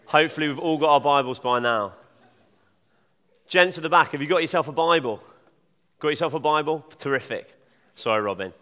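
Chatty preacher from in a reverberant hall. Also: male voice, a little high, brisk, pauses often, sharp tone. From Devon, England. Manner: chatty, jokey, addresses audience directly. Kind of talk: informal sermon.

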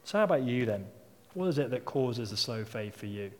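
A man's voice: medium pitch, expressive, a little fast, slight background noise. A man in his thirties or forties preaching a sermon, telling stories in a conversational way and asking rhetorical questions. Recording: long hall reverb.

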